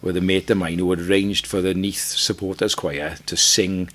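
A Welsh man with a deep, low voice talks as a guest on a podcast. He tells his stories with energy and often stumbles over the first words of a sentence before he gets going. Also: moderate pace. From Wales. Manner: animated storyteller, repeats words when starting sentences. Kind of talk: casual chat.

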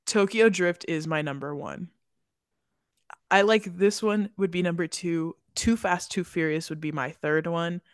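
A woman's voice: fairly low pitch, a little slow, smooth, no room sound, studio quality. A woman co-hosting a film podcast, chatting casually, rambling with fillers and giggling often. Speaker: podcast co-host. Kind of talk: casual chat.

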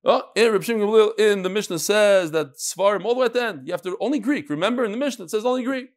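A man teaching a Talmud class, asking and answering his own questions in an animated, rhetorical way. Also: high-pitched, fast talker.

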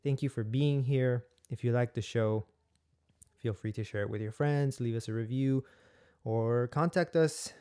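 A man's voice: medium pitch, a little slow, warm tone, clear, resonant tone. A man hosting a casual podcast, joking around and laughing often with his guest. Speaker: podcast host.

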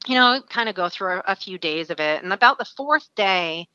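A woman from Alaska, a guest, telling a story in a casual, animated way with many fillers and frequent laughter. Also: medium pitch, normal speed, smooth, dry recording, lo-fi sound.

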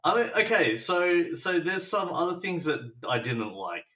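A man's voice: on the high side, sing-song, moderate pace, sharp tone, recorded from a distance. A man co-hosting a casual podcast, rambling and hesitant with many restarts. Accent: non-American. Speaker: podcast co-host. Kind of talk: casual chat.

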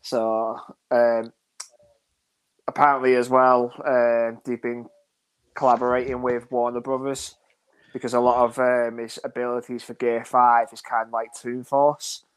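A man's voice: medium pitch, flat delivery, a little slow, smooth. A man co-hosting a podcast, rambling enthusiastically and giggling through casual chat. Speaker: podcast co-host.

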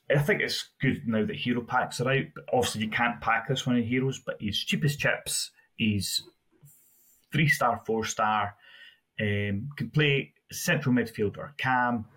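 A man's voice: mid-range voice, unhurried, fairly bright tone, husky. A man co-hosting a casual gaming podcast, rambling through player stats with frequent restarts. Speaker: podcast co-host.

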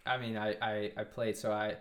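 A twentysomething guest on a casual interview tells a long story in a lowish male voice whose pitch barely moves, speaking at normal speed. He rambles, restarts often, and quotes dialogue along the way.

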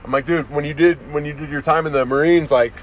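A man's voice: a little high, fairly even intonation, quick pace, lo-fi sound. A young man hosting a comedy podcast, ranting crudely outdoors and saying "dude" constantly into a phone held to his face. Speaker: podcast host. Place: outdoors in a town, near parked cars. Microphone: phone held close to the face. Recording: phone recording outdoors with faint street noise.

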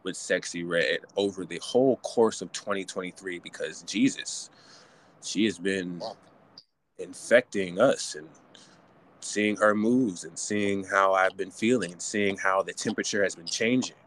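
A man's voice: deep voice, unhurried, a bit bright. A man hosting a podcast alone, ranting theatrically about hip hop culture. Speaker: podcast host. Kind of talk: solo podcast rant.

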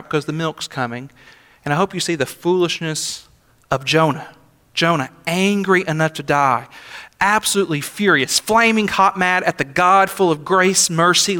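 Male pastor, young adult, fairly high voice, very bright and forceful, chatty emphatic sermon, long church reverb. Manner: conversational, emphatic preaching with rhetorical asides. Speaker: senior pastor. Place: church sanctuary.

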